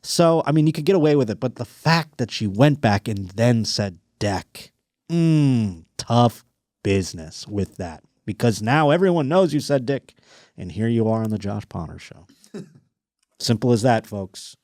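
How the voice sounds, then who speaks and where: A man's voice: mid-range voice, animated, unhurried, darkish tone, no room sound, clean studio sound. A man hosting a podcast, reading listener stories aloud and riffing on them with crude, sarcastic jokes. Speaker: podcast host. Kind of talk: comedic news commentary.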